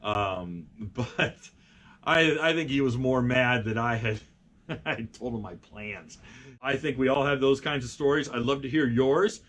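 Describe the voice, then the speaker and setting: A man who edits a car magazine, telling a casual anecdote in a rambling way, with fillers and lively acted-out quotes. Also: medium pitch, unhurried.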